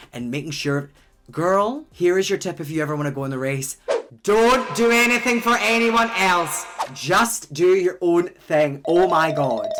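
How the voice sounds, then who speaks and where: A young drag queen talks straight to camera while putting on his makeup. He tells the story like juicy gossip and bursts out loud at the big reveals. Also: on the high side, a little hiss or hum. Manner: animated, gossipy storytelling with sudden loud outbursts. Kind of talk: casual chatty recap while doing makeup.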